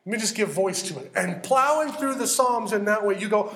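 Animated high-voiced male preacher. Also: a little fast, hardly any pauses, echoey room. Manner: animated, acts out prayers in character. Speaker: pastor. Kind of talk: sermon teaching.

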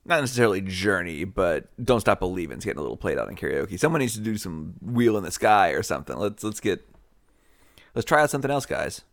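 A man's voice: low voice, very animated, fast, vocal fry, dry recording, clean studio sound. A man co-hosting a casual podcast chat, joking and laughing often as he recaps a TV show. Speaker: podcast co-host.

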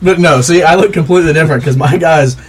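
A man's voice: a little high, fast, husky. A man describing his character in a rambling, casual way at a tabletop game. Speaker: player.

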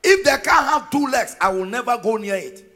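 A man preaching a sermon as pastor, emphatic and sing-song, rising to shouted peaks. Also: very high voice, animated, brisk, faint music behind. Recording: long reverb of a large hall.

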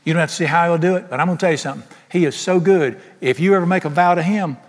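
In a big church hall with a long, ringing reverb, a middle-aged preacher races through an emphatic, folksy sermon dotted with humorous asides. His voice is a little high for a man, and there's slight background noise.

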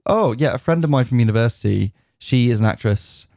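A man's voice: mid-range voice, animated, brisk, vocal fry, mellow, dry recording, studio quality. A man co-hosting a gaming podcast, talking casually and relaying news and stories with fillers. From United Kingdom. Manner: talks at length, relays news and anecdotes with fillers. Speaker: podcast co-host. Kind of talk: casual chat.

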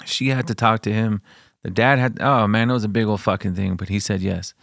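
Profane, animated storytelling man. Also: lowish voice, a little fast, vocal fry, no echo, clean studio sound. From El Paso, Texas. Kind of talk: casual storytelling chat.

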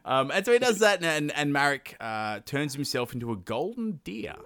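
A man's voice: fairly high pitch, sing-song, normal speed, fairly bright tone, a little hiss or hum. A man co-hosting a podcast, retelling a myth in a casual, joking way with slang. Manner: joking, slangy, acts out characters in asides. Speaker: podcast co-host.

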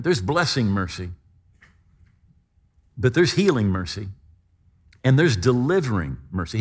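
A man preaching a sermon, emphatic, with dramatic swings between loud stresses and quiet drops. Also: mid-range voice, breathy edge. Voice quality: lively, expressive intonation.

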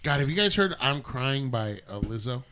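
A man's voice: mid-range voice, normal speed, slight background noise. A man hosting a casual group chat on a podcast, joking and breaking into bits of song. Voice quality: animated, jokey, breaks into snatches of song.

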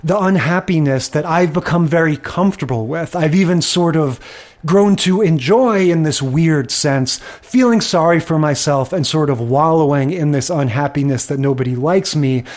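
A man's voice: fairly high pitch, moderate pace, darkish tone. A man co-hosting a podcast, chatting casually about sitcoms in a reflective, candid way. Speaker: podcast co-host.

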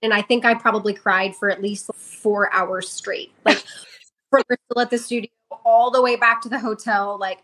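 A young woman speaks as a guest on a casual podcast and tells her story with real emotion. Her voice has a middle pitch and an easy, conversational delivery. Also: steady tone, normal speed, a bit bright. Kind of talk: casual interview.

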